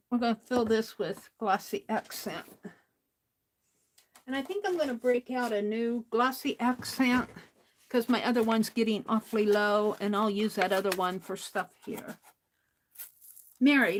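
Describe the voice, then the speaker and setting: Older lady on a craft stream, slow unhurried talk, mutters to herself and laughs a lot. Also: fairly high pitch, low-quality recording. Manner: chatty, talks to herself while working, laughs often. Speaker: crafting livestream host. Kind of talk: casual crafting chat while reading viewer comments.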